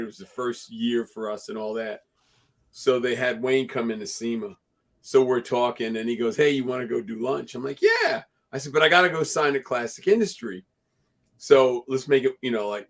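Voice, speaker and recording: A man co-hosting a casual chat and telling anecdotes with excitement. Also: mid-range voice. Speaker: co-host.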